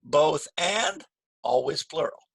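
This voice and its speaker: A man teaching an English grammar lesson, slow and patient, repeating key phrases with stress. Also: a little high, wildly swooping pitch, vocal fry, fairly bright tone, husky, no echo.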